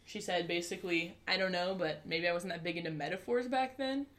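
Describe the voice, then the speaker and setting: A woman's voice: lowish voice, fairly quick, a bit bright. A woman co-hosting a casual book podcast, joking and laughing often. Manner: giggly, joking. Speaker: podcast co-host.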